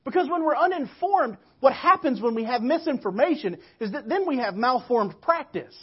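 A woman pastor preaching a sermon, telling stories and moving between quiet reflection and emphatic calls to the church. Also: high voice, lively intonation, moderate pace, husky, dull audio.

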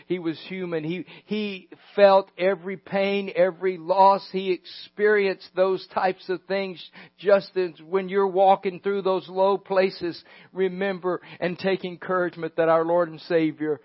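A high-voiced male preacher delivers a sermon, dropping to a hush and then building to loud emphasis, with chuckles now and then. The sound is dry and close, on a dull, lo-fi recording. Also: steady tone, unhurried, no room sound. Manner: dynamic, swinging from hushed to loud, with chuckles.

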